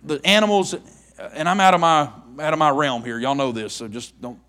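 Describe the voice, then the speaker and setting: A man preaching a sermon in a folksy, emphatic way, swinging from loud to hushed. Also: a little high, expressive, brisk.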